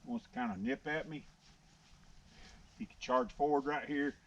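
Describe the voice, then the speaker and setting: A middle-aged man works a horse in an outdoor pen, explaining things casually in a plain-spoken drawl and murmuring soothingly to the animal. His voice is medium in pitch and steady, at a moderate pace. The outdoor audio is dull, lo-fi, and noisy.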